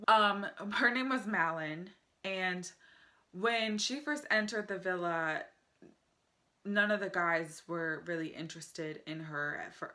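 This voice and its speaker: Speaking to the camera at home, a young woman from the United States gives a casual vlog review, chatty, enthusiastic and frequently laughing. Her voice is mid-range with a sharp tone.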